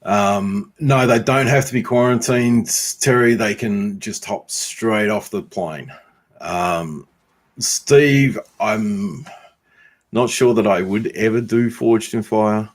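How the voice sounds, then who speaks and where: A man with an Australian accent chatting casually to his viewers, answering comments with lots of ums and some friendly teasing. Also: on the low side. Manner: unhurried, frequent ums, teasing viewers by name. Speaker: YouTube homesteader and blacksmith answering viewer comments. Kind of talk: casual livestream chat.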